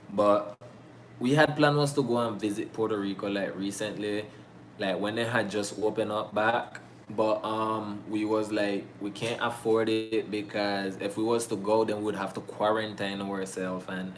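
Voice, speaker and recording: A man's voice: on the low side, slight background noise. A man from Bluefields, Nicaragua, with a Nicaraguan Creole English accent, answering viewer questions in a slangy, joking casual chat.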